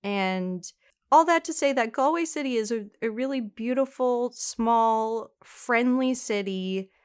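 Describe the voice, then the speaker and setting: Smooth-voiced woman telling a case. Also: fairly high pitch, measured pace. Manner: chatty, laughs easily, reads case details. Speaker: podcast co-host telling the case. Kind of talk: casual true-crime storytelling.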